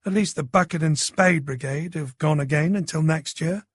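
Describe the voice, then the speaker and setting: A man's voice: fairly high pitch, moderate pace, breathy edge, dry recording. A man reading an audiobook voices a young woman who teases her friend with dry humour. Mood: wry. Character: friendly teasing young woman, dog walker.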